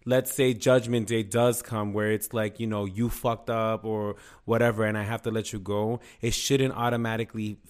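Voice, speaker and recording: A man's voice: lowish voice, little pitch movement, normal speed, hardly any pauses, clear, resonant tone. Candid, profane man in casual chat.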